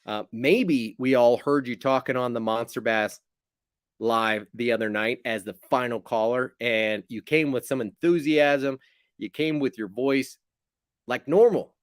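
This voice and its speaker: A man's voice: medium pitch, a little slow, clear, resonant tone, no echo, studio quality. Chatty man rambling on a livestream. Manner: rambling, chatty, teasing a viewer. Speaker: channel host. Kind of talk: casual livestream chat.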